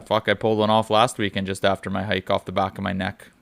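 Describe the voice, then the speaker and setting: A man on a hunting podcast, telling stories in a loose, profane, animated way. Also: low-pitched, fast, vocal fry. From British Columbia, Canada. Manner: profane, animated, swears constantly. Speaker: podcast host. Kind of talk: casual chat, storytelling.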